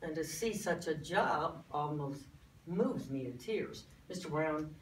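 A woman's voice: deep voice, lively intonation, slow pace, reverberant, recorded from a distance, slight background noise, pitched below the performer's own voice, poor audio. A woman voicing an indignant young man who lectures as a self-styled bird expert, in a dramatic poetry recitation. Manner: lecturing, exasperated, theatrical.

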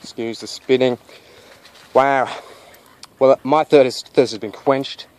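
A man's voice: mid-range voice, steady tone, slow pace, noisy background. A man vlogging outdoors on a hiking trail, doing a mock survival-show presenter in a put-on accent that mixes British, Australian and American. He jokes, swears freely and talks with offhand bravado. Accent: put-on mix of British, Australian and American.

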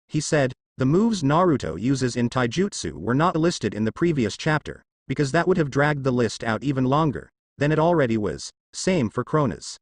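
A man narrating a fan fiction story in a lively storybook manner. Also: mid-range voice, normal speed, dry recording, clean studio sound.

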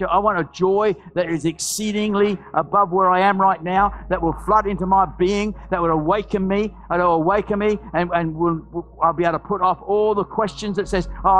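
A male pastor from Australia delivering an impassioned sermon and altar call, repeating phrases and restarting sentences as he presses the point. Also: poor audio. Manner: impassioned, repetitive preaching with many restarts; drops to soft, low storytelling voice for anecdotes.

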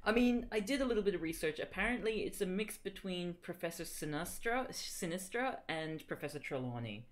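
A woman's voice: lowish voice, lively intonation, a little fast, hardly any pauses. Woman giving a playful, mock-dramatic reading. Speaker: livestream co-host reading fan fiction aloud. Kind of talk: comedic dramatic reading with banter.

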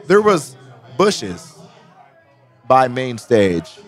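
Animated, swearing man telling stories. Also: on the high side, slow, long pauses. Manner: animated storyteller, swears freely, acts out quotes. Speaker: podcast co-host. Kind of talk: casual chat.

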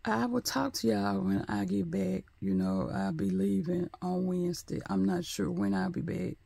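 Gravelly, sassy man vlogging. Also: high voice, expressive, moderate pace, dark tone, no room sound. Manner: sassy, profane, chatty. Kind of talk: casual vlog chat. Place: store at night.

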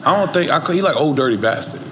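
A man's voice: a little high, expressive, fast, crowd noise. A man with a mixed Southern US and New York accent, a guest rapper telling stories in loose, repetitive, slangy casual chat. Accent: mix of Southern US and New York.

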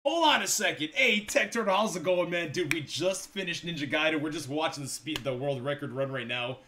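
A young man streaming a game live, reacting loudly, swearing, laughing and greeting chat. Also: fairly high pitch, a little fast, slight background noise.

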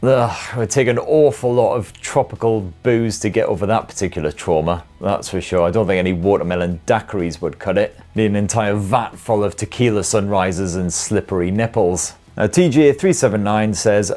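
A man's voice: fairly low pitch, normal speed, hardly any pauses, darkish tone. A British man hosting a tech video, reading viewer comments in a cheeky, sweary, jokey way.

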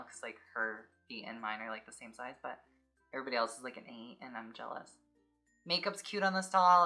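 Young woman vlogging, low voice but bright and sharp, says like a lot. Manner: chatty, peppers speech with "like". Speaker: YouTube host. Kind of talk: casual unboxing vlog.

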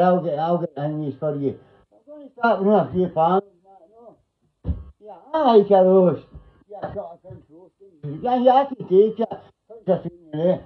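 A man's voice: high-pitched, lively intonation, moderate pace. A middle-aged Scottish man chatting on a livestream in a rambling, blunt way, swearing freely. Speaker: livestream host. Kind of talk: casual rambling chat. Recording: tinny phone-like sound.

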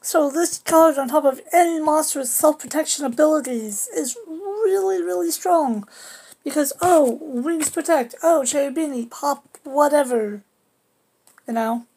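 High-voiced playful woman. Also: a little slow, warm tone. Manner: playful, trash-talking, with goofy sound effects. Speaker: card game deck presenter. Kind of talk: casual deck profile. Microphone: camera on a table.

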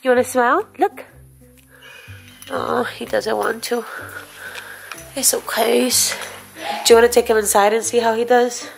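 A woman's voice: on the high side, steady tone, a little slow, vocal fry, long pauses, soft background music, low-quality recording. A woman filming a casual home vlog on a handheld camera, chatting to viewers and coaxing her dogs. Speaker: vlogger. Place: home, indoors and out in the yard.

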